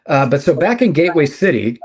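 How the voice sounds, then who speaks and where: A man's voice: fairly high pitch, very animated, brisk, a little mellow, breathy edge. A man co-hosting a podcast, rambling through his thoughts on comics with many hesitations. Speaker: podcast co-host. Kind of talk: casual chat about comics.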